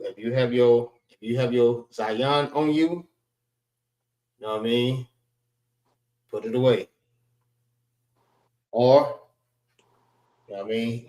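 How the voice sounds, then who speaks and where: Man, class teacher, slow drawn-out delivery, repeats sounds syllable by syllable, roomy echo. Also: medium pitch, a little mellow. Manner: slow, repetitive, spells out sounds one by one. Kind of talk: classroom language lesson. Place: library meeting room.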